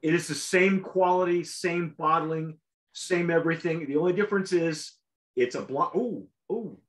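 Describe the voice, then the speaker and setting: A man hosting a casual tasting show, talking in a rambling, halting way with lots of restarts. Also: a little high. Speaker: show host.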